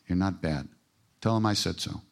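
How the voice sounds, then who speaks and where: A man's voice: deep voice, normal speed, gravelly, slight background noise. A man giving an informal spiritual talk, earthy and joking, with emphatic repetition and frank language. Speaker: spiritual teacher.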